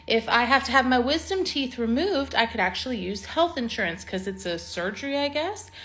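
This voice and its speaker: A woman with a slightly high voice rants to camera in a casual vlog. Her delivery is indignant and emphatic. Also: animated, a little fast, a bit bright.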